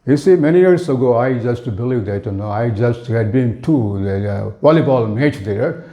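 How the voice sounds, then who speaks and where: A man's voice: medium pitch, animated, moderate pace, dark tone. Indian man teaching spoken English. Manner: rambling, many "you know" fillers; earnest, addresses viewers directly.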